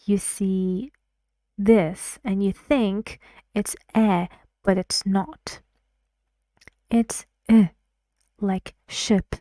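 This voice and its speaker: A woman teaching English pronunciation, modelling each word loudly, repeating it, and giving soft explanations in between. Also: medium pitch, no room sound, studio quality. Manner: models words loudly and repeats them, drops to soft asides. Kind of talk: slow, deliberate pronunciation lesson.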